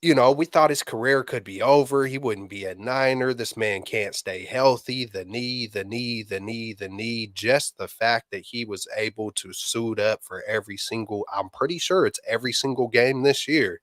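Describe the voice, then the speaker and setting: Male co-host, mid pitch, slangy casual delivery, dry recording. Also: lively intonation, normal speed, no echo. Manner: loose, slangy, repeats himself. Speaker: podcast co-host. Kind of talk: casual sports chat.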